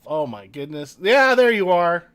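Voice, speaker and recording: A man's voice: sits high, sing-song, unhurried, fairly bright tone, clean tone. A man hosting a casual card-break livestream, chatting with viewers and reading their names aloud.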